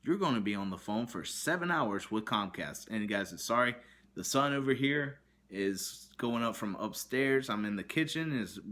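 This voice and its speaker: A man's voice: on the low side, animated, moderate pace, a bit bright. A man vlogging from his kitchen, telling a frustrated story full of fillers and restarts. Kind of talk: ranting to camera. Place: kitchen at home, indoors.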